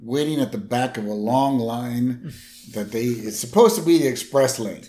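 A man co-hosting a podcast, casually recapping a cartoon episode in a relaxed storytelling way. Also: mid-range voice, normal speed, slight background noise. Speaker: podcast co-host. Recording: roomy echo.

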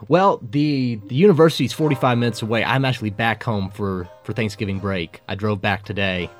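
A young college student from Oklahoma with a Southern accent, chatting casually as a guest and laughing often. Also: male voice, fairly low pitch, fairly quick, soft background music. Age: young adult. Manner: laughs often, lively and eager. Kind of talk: casual chat.

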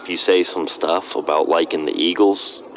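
A man's voice: low voice, fairly even intonation, moderate pace, slight background noise. A young man with a Pittsburgh accent, a podcast guest trading blunt jokes in casual chat. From Pittsburgh, Pennsylvania. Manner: joking, blunt.

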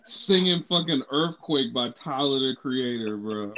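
A man's voice: mid-range voice, lively intonation, unhurried, lo-fi sound, a crowd in the background. A man in casual chat on a podcast, laid-back and swearing freely.

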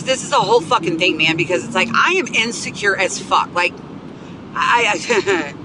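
Over a noisy background, a mid-range female voice rants on her solo podcast. As host, she vents with bluntness and anger, cursing nonstop.

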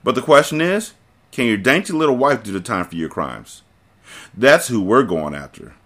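A man's voice: mid-range voice, big pitch swings, moderate pace, fairly bright tone, pitched above the performer's own voice. A man voicing a smug male federal agent who speaks in a formal, taunting way in an audiobook reading.

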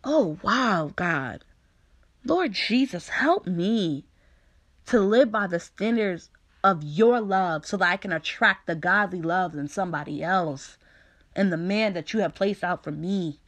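Candid woman sharing her faith. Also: on the low side. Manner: candid, animated, conversational, with playful asides; reads scripture slowly and deliberately. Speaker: speaker sharing a faith testimony. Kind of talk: personal devotional talk.

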